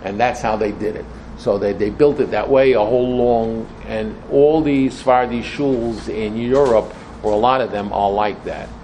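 An older man giving an informal Torah class to a small group. He talks in an excitable, rambling way and mixes Hebrew phrases into his English. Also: on the low side, moderate pace, slight background noise. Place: room with a small audience.

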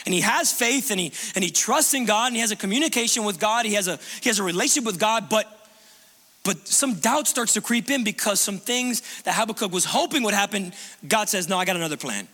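A man preaching a sermon in a church, conversational and animated, with lots of restarts and casual fillers. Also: sits high, fairly quick. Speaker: pastor. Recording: long reverb of a large room.

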